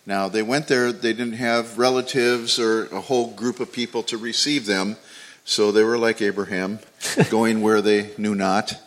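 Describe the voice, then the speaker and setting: A very deep-voiced man introduces a visiting pastor to the congregation. He speaks loosely, with plenty of pauses and fillers. His voice rings with the long reverb of a large hall. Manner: relaxed, filler-heavy, informal. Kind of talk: church introduction.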